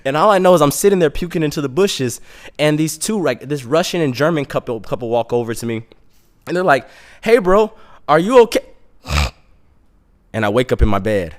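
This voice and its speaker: A young man telling a comic story in a casual, animated, self-mocking way. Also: mid-range voice, fast talker.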